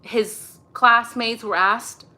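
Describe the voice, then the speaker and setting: A woman with a clear, bright voice hosts her own channel and talks through her views in casual commentary. She keeps it loose and chatty, checking in with the listener with a quick "right?" after her points. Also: fairly high pitch, fairly even intonation. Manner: conversational, keeps tagging "right?". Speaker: channel host.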